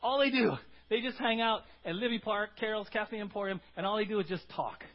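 A male pastor delivers a conversational sermon, frequently tagging his points with "right?" and shifting between loud emphasis and quiet asides. His voice is high and a little fast, and the recording sounds muffled.

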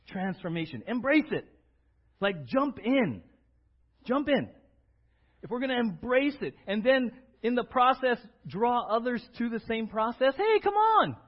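A male pastor preaching a sermon in a church, acting out little scenes and swinging from loud to quiet. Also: husky. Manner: animated, acts out little scenes with big swings in pitch and loudness. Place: church sanctuary. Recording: dull lo-fi church audio.

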